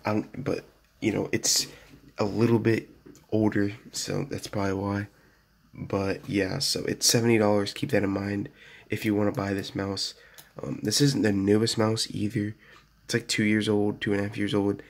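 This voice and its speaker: A man with a lowish voice and a gravelly, creaky edge talks through a casual product review at his home desk. He rambles with plenty of fillers and keeps saying "so yeah." It sounds like it was picked up by a phone camera. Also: flat delivery, moderate pace. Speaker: gaming gear reviewer.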